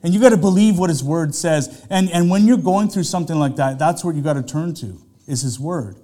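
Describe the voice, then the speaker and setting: A middle-aged man, a pastor, speaks a little fast in a voice that is high yet dark in tone. His sermon is conversational and packed with rhetorical questions to the congregation.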